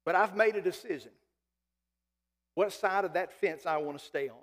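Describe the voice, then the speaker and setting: A male pastor preaching a sermon. He is emphatic, slows right down to stretch key phrases, and then drops to a quieter, conversational tone. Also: high-pitched. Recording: long reverb of a large hall.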